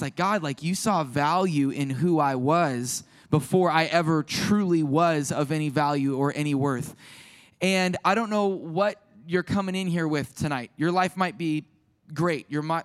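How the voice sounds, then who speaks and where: A man in his thirties preaching a sermon as a pastor, telling stories in a conversational, self-deprecating way with frequent restarts. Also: on the high side. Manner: drops to a soft hushed voice in prayer.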